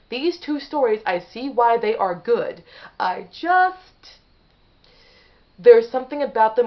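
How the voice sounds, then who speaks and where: A woman talking straight to camera in a casual opinion vlog, rambling and often restarting her sentences. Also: mid-range voice. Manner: rambling, restarts and self-corrections. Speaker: vlogger. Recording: slightly dull lo-fi audio.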